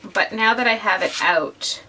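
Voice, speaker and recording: Chatty woman, bright voice, slightly nasal. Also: medium pitch, measured pace, distant mic, slight background noise. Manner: chatty and gushing, addresses viewers directly. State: slightly nasal from a summer cold. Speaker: scrapbooking vlogger. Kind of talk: casual craft process narration.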